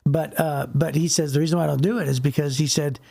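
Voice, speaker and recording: Fairly high-pitched and warm, with vocal fry, this middle-aged co-host talks quickly but in a steady tone on a casual faith podcast. He wanders from point to point, slipping into little voices when he quotes people.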